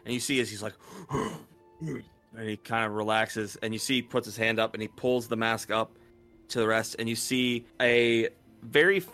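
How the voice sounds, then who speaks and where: A man's voice: medium pitch, moderate pace, pushed and bright, faint music behind. A man playing a tabletop game, loosely narrating his character's actions with laughs and fillers. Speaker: player.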